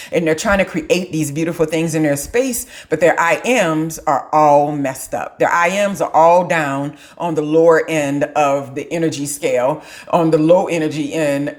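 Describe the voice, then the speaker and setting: A middle-aged woman with a low, full voice talks through affirmations in an easy, conversational way. She is earnest and direct, and she slips into the voices of the people she quotes. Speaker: manifesting coach. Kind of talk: casual motivational talk.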